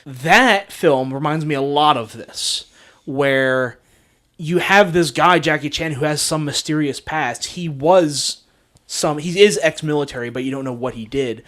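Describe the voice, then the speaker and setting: A man talking casually on a movie podcast, his voice sitting a little on the high side for a man. He rambles and restarts his sentences, filling the gaps with ums and likes, and breaks into easy laughter. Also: measured pace, a bit bright. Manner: rambling, lots of fillers and restarts, laughs easily. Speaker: podcast co-host.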